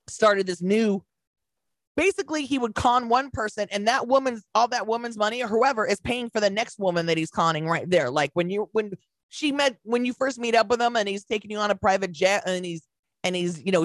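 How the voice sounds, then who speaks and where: A woman co-hosting a podcast, retelling a story with lively acted-out quotes and casual swearing. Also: medium pitch, brisk, no echo. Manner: animated storyteller acting out quotes, swears freely. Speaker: podcast co-host. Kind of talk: casual chat.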